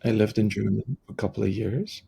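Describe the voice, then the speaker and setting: Gravelly middle-aged man telling a story. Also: lowish voice. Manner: animated storyteller who acts out the voices of people he quotes; halting, with frequent restarts. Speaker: podcast guest. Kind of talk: conversational storytelling in an interview.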